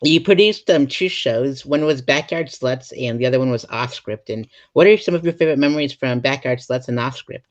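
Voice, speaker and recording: A man hosting an interview podcast, chatting in a relaxed, conversational way. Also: mid-range voice, a little fast, few pauses. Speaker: podcast host. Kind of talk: casual interview chat. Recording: dull lo-fi sound.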